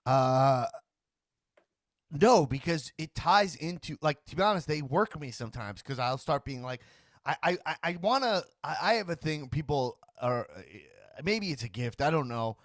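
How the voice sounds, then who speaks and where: A man's voice: fairly high pitch, lively intonation, moderate pace, no echo, studio quality. A man hosting a casual talk show, rambling with lots of restarts and stammered repeats, and acting out other people's voices in the middle of his sentences. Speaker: podcast host. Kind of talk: casual chat.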